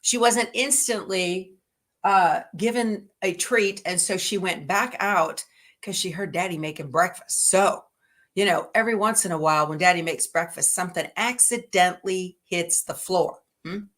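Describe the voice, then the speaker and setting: A middle-aged woman hosts a livestream, speaking at a moderate pace in a fairly bright voice. She chats with viewers in a homey, rambling way and talks to her dogs in a high baby voice.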